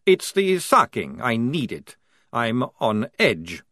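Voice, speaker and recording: A man plays a twitchy male vampire soldier in an audiobook, desperate for coffee. He whines and stretches his words, lifting his voice a little above his usual tone, with a lively rise and fall. The recording is dry and close. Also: mid-range voice, slow, no room sound, full character voice. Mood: jittery. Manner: nervous, complaining, drawn out.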